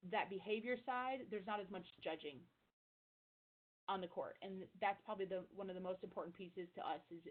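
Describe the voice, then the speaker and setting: A woman volleyball coach talking fast and energetically in a casual interview, over a tinny phone-like line. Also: on the low side.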